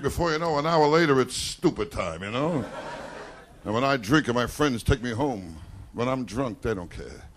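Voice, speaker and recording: A male stand-up comedian delivering rapid self-deprecating one-liners on a nightclub stage, often breaking in with "I tell you.". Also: medium pitch, expressive, a bit bright. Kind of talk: live stand-up routine. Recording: noisy live club recording with crowd. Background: audience laughter and applause.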